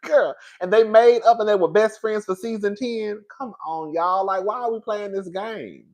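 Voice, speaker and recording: A man with a high, bright-edged voice talks through a live stream in a sassy, animated way. He keeps calling his viewers "girl," laughs a lot and swears without a second thought. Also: moderate pace. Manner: laughs often, swears freely. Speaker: reality TV show reviewer. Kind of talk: live-stream commentary, reading chat.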